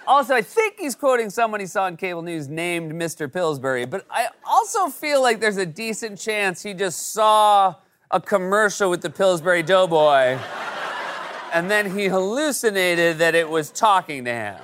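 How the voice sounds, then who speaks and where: A man's voice: high-pitched, very animated, moderate pace, a bit bright. A man hosting a late-night comedy show, delivering a sarcastic, jokey monologue.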